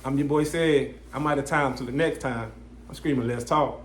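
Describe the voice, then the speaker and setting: A man's voice: mid-range voice, a little fast, roomy sound, slight background noise. A young man hosting a podcast, telling a story in casual chat and acting out the people in it. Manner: animated, quotes people in his story, frequent "you know what I'm saying". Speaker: podcast host.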